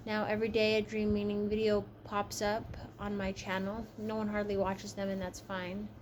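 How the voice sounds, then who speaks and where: A woman's voice: medium pitch, monotone, normal speed, a little hiss or hum. A woman giving a casual tarot reading, chatty and frank, tired from a long shift. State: tired, yawning. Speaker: tarot reader.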